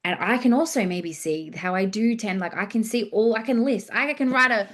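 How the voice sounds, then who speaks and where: A woman's voice: fairly low pitch, moderate pace, few pauses. A woman hosting a casual solo podcast on relationships, talking loosely, swearing freely and acting out listeners' inner thoughts. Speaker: podcast host and relationship coach.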